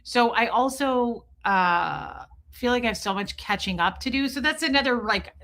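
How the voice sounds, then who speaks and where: A woman with a bright, forceful voice talks casually on her livestream, rambling and restarting her sentences. She keeps breaking off to greet viewers and answer their comments. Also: fairly high pitch, animated, moderate pace. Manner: chatty and rambling, with frequent restarts and asides to viewers. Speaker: YouTube livestream host.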